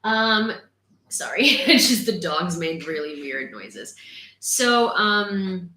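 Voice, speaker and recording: A woman's voice: fairly low pitch, expressive, slow, sharp tone. A young woman from Ukraine, hosting a casual news livestream, talking indignantly with lots of fillers. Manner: indignant, talkative, many fillers. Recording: echoey room.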